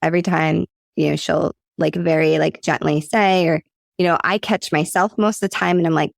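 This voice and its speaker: Woman host, low gravelly voice, candid and reflective, dry sound. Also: steady tone, normal speed, no echo. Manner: candid, reflective, openly vulnerable. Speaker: podcast host. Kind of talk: conversational interview.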